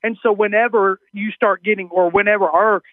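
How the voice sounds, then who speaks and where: A man with a Southern US accent, a comedian guest on a radio show, talking in a drawn-out, conversational way over a phone line. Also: high-pitched, steady tone, no room sound. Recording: dry tinny phone line.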